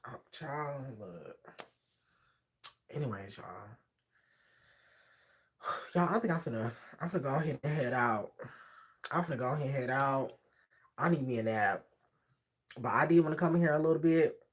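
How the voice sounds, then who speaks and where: A man telling a hookup story on a casual livestream, sassy and animated, acting out the voices of the people he quotes. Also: medium pitch, normal speed, long pauses.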